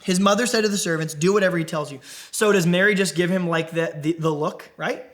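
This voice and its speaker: Guy preaching to a small group, kinda high voice, keeps asking questions. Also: fast talker. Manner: animated, asks the group questions. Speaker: young adult ministry preacher. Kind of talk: conversational Bible teaching.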